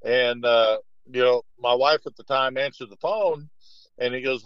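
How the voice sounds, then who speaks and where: A middle-aged basketball coach tells anecdotes in a casual interview, speaking at medium pitch, a little slowly, in a smooth voice. He rambles with plenty of "you know," fillers, and restarts, but livens up when quoting others. The recording is dry, dull, and lo-fi.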